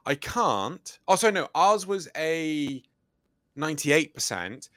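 A man's voice: on the high side, lively intonation, a little slow, fairly bright tone, no echo. A young man, a podcast co-host, tells a story in casual chat and acts out both sides of a phone call.

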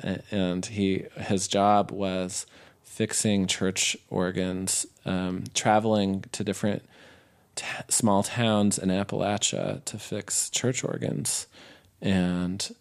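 A man's voice: low voice, level tone, takes it slowly, clear, resonant tone. A man as an interview guest, telling a long personal story in a casual, rambling way with lots of fillers and restarts. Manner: rambling, many fillers and restarts, laughs easily.

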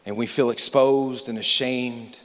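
A man preaches to his congregation with a dramatic sweep, dropping to hushed near-whispers and then rising to loud, impassioned appeals. His voice sits in a middle register. It rings out with the long reverb of a large church hall. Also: mid-range voice, steady tone, measured pace. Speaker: pastor. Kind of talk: sermon.

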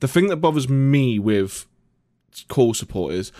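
A man's voice: medium pitch, big pitch swings, a little slow, dark tone, no echo. Podcast co-host: blunt, opinionated English man, slight northern lilt, dry close sound. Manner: blunt, swears freely, opinionated. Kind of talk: casual chat.

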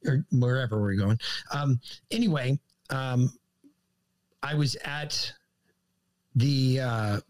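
A man's voice: medium pitch, animated, slow pace, pauses often, a little mellow. A man, a podcast guest, telling a casual and profane story with jokes. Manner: profane, joking anecdotes.

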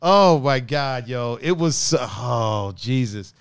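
Animated man telling a wild story. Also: mid-range voice, slow pace, clear, resonant tone, dry recording, clean studio sound. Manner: animated, laughs a lot, swears, acts out friends' lines. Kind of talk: casual storytelling chat.

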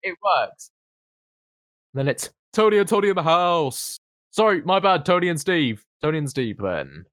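A man's voice: fairly high pitch, very animated, normal speed, fairly bright tone, no room sound, studio quality. A young man co-hosting a podcast, chatting casually, joking and laughing as he acts out quotes. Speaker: podcast co-host. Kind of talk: casual chat.

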